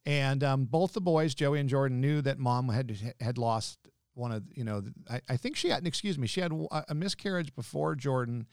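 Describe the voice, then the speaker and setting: A man's voice: mid-range voice, brisk, smooth, dry recording, clean studio sound. A man, guest director of a ministry, telling personal family stories in a heartfelt, emotional conversation, often repeating and restarting his words.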